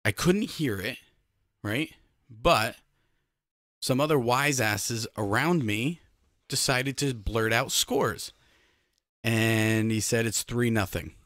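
A man's voice: mid-range voice, takes it slowly, pauses often, a bit bright, dry recording, studio quality. A man hosting a sports podcast in a casual chat, speaking with emphasis and talking straight to the listeners. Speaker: podcast host.

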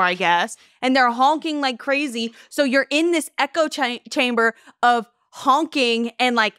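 A woman co-hosting a podcast, telling stories in casual chat, animated and quick to swear. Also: fairly high pitch, smooth, no room sound, studio quality. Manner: animated, profane storytelling. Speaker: podcast co-host.

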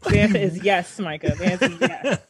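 A woman co-hosting a casual film podcast, joking and teasing in quick replies. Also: on the low side, a little hiss or hum. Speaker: podcast film review co-host. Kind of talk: casual chat.

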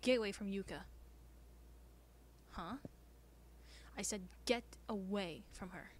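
A woman voicing an angry, defiant young woman in a video game, talking sharp and loud, over loud noise. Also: medium pitch, slow pace, lightly acted.

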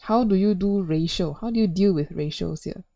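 A woman's voice: mid-range voice, moderate pace, creaky, mellow, dry recording. A woman teaching physics in a recorded video lesson, chatty and playful, joking and putting questions to the viewer.

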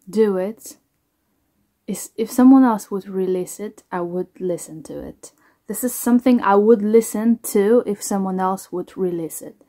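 A woman, a singer, talking casually to camera in a reaction vlog, halting, restarting and trailing off as she reflects. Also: mid-range voice, darkish tone.

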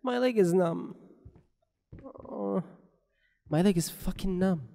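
Man, gameplay commentary, unhurried delivery, warm dark tone, jokey, curses constantly. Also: sits high, vocal fry. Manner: joking, rambling, swears a lot. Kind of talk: let's play horror game commentary.

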